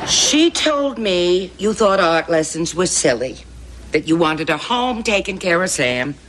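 A woman's voice: lowish voice, unhurried, crowd noise, background noise. An actress playing an older woman, a pushy, doting neighbor who teases and feeds her guests, in a sitcom. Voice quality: animated, teasing delivery. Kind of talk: sitcom acting.

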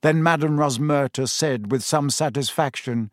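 A man reading a story aloud as narrator in an expressive storytelling manner, close to the mic. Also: medium pitch, normal speed, few pauses, dry recording. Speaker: audiobook narrator. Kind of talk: scripted narration.

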